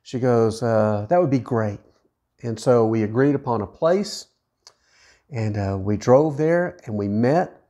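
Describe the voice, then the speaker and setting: A man's voice: mid-range voice, dark tone. A middle-aged widowed man telling a personal story in an earnest way, often repeating himself and restarting his sentences. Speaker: widowed vlogger.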